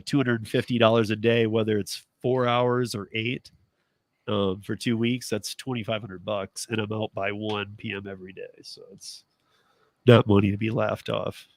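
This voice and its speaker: A man's voice: fairly low pitch, vocal fry, dry recording. A man in his thirties tells a story on a casual talk show, acting out each side of a conversation with plenty of bounce in his voice. He laughs easily. The recording is close and dry, with little room sound. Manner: animated storytelling, acts out quoted dialogue, laughs often. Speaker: podcast host, rideshare driver. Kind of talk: casual chat.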